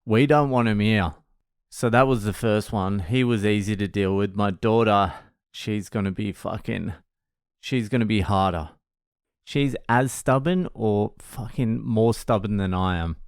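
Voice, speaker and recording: A man with a lowish, smooth voice, recorded with clean studio sound and no room sound, speaks at a measured pace. Hosting a podcast and answering questions, he tells funny stories in a casual, profane, joking monologue and laughs at his own tales.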